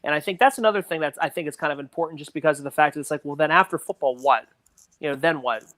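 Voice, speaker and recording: A man's voice: on the high side, very fast, a bit bright, no room sound. A man talking through a film as a podcast guest, rambling and leaning on "you know" fillers. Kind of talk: casual movie discussion.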